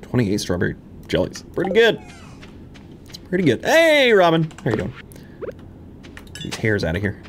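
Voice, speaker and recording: A gaming video creator gives live let's-play commentary, playfully chatting to the game characters and making lots of silly sound-effect noises. His voice is on the high side with huge pitch swings, at normal speed with frequent pauses. The background is noisy, with game music playing.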